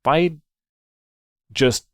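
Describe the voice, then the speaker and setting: A man's voice: extremely slow, dry recording, clean studio sound. A man playing through a story game, commenting anxiously, swearing, and reading some lines half in character. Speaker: game streamer. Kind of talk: let's play commentary, reading dialogue aloud. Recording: music playing behind. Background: game music.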